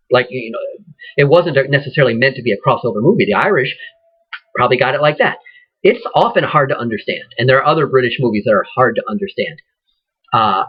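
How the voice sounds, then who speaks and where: A man teaching acting, speaking in a conversational, rambling way with many ums and restarts, his voice husky. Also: medium pitch, lo-fi sound. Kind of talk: informal lecture.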